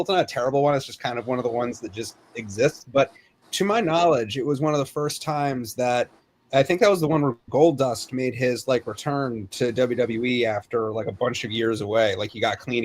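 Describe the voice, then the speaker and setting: A man co-hosting a podcast, talking in a relaxed, casual way, full of "like" and hedges. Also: medium pitch, a little hiss or hum. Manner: relaxed, lots of likes and hedges. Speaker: podcast co-host. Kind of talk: casual chat.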